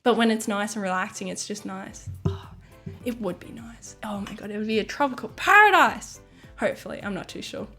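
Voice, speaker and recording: An Australian woman streamer chatting casually, rambling and excitable, swearing and laughing often. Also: mid-range voice, fairly quick, soft background music.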